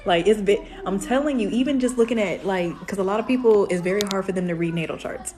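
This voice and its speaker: A young woman, hosting a casual astrology live stream in a sassy, animated way. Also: medium pitch, fast. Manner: sassy, animated, calls viewers "baby".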